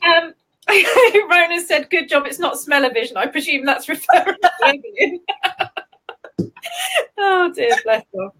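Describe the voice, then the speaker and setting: High, lively English woman host. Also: a little slow, long pauses, slight background noise, poor audio. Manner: giggly, chatty. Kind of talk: casual live-stream chat.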